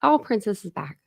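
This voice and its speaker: A woman's voice: on the high side, vocal fry, narrow, tinny audio. A woman hosting a true crime livestream, chatting casually and greeting viewers by name between frequent laughs.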